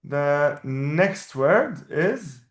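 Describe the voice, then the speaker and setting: Male teacher, slightly high voice, patient and explanatory; echoey room. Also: expressive, a little hiss or hum. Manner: patient, explanatory, repeats words slowly. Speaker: Arabic teacher. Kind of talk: one-on-one language lesson.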